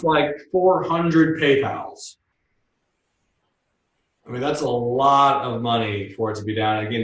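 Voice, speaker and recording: A man's voice: mid-range voice, reverberant, distant mic, rough recording. A man hosting a stock trading show, chatting casually and joking as he answers viewer questions. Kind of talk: casual livestream market commentary.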